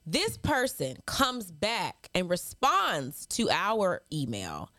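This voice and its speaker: A woman's voice: on the low side, huge pitch swings, takes it slowly, pushed and bright, no room sound, clean studio sound. A woman in her thirties co-hosting a podcast. She talks in a sassy, mocking way and reads hate mail aloud, laughing as she goes. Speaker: podcast co-host. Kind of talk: casual chat.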